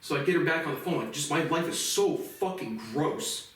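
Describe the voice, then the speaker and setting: A man's voice: fairly high pitch, animated, moderate pace, a bit bright. A man in his late twenties ranting bitterly to camera in a profane personal monologue. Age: late 20s. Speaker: vlogger. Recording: echoey room from far off.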